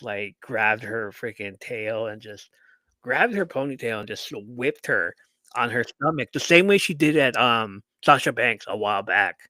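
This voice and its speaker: A man hosting a podcast, recapping a wrestling match in casual chat. He tells it as a lively story, acting out what people said and swearing lightly. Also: mid-range voice, no room sound, studio quality. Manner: animated storyteller who acts out quotes and swears casually. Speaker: podcast host.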